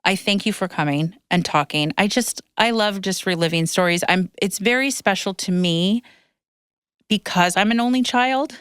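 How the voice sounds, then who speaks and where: A woman's voice: mid-range voice, moderate pace, fairly bright tone, clear, resonant tone, no echo, clean studio sound. A woman in her thirties hosting a podcast, telling stories in a rambling, emotional way and tearing up as she talks. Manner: emotional, tearful, rambling storytelling. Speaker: podcast host. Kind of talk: casual chat. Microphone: podcast microphone.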